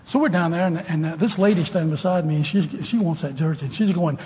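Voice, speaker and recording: An older man preaching a sermon to students, folksy and storytelling, rising now and then to loud emphasis. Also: on the high side, fast talker, few pauses. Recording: long hall reverb, faint room noise.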